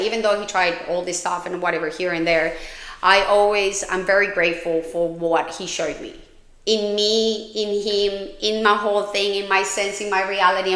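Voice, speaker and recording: A woman's voice: medium pitch, a bit bright, roomy sound. A woman hosting a podcast, telling her own story in a frank, candid way, swearing freely and often restarting her sentences. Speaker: podcast host.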